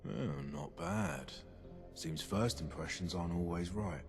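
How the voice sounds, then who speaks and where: An actor with a British accent playing a curt, prickly ghoul ammo merchant in video game dialogue, with short, guarded replies. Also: male voice, deep voice, unhurried, creaky, over music.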